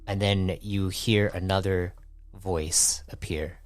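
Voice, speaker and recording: A man narrating as game master, slowly and loosely, often restarting his sentences. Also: low-pitched, steady tone, no echo. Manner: slow, with restarts and hedging "like".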